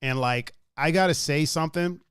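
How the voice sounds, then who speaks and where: A man's voice: on the high side, moderate pace, smooth, no room sound, studio quality. A young man hosting a podcast in casual chat, telling stories with lots of laughs and swearing, acting out what others said. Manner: animated storyteller, swears, laughs often, acts out quotes. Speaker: podcast host.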